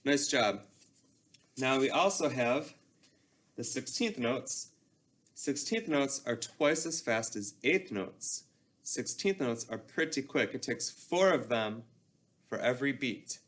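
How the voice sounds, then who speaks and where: A man's voice: medium pitch, animated, takes it slowly, fairly bright tone. A man teaching a music class, explaining patiently and leading call-and-response chanting.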